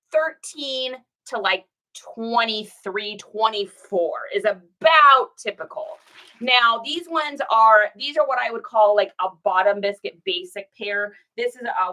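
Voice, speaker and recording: Chatty bright-voiced woman reseller. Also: medium pitch, poor audio. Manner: chatty, rambling, filler-heavy; laughs easily. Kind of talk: casual vlog while packing orders.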